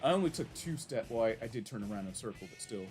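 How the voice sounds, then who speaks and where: Male game streamer, lively swooping pitch, rambling chatter, faint game music behind. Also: very fast. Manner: rambling, animated, with frequent restarts and reactions. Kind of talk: casual live-stream commentary.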